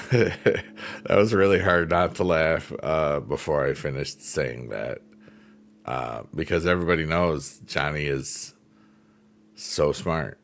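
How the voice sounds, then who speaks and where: He hosts a casual livestream in a slow, bass voice with some vocal fry, joking and laughing often as he answers chat members by name. Faint piano music plays behind him.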